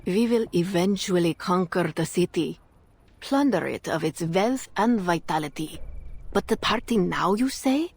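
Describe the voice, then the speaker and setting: A woman voicing a cold, fanatical female Ritualist officer who speaks with calm, chilling devotion in a game. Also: on the low side, a little slow, breathy edge, heavily acted. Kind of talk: game voice acting.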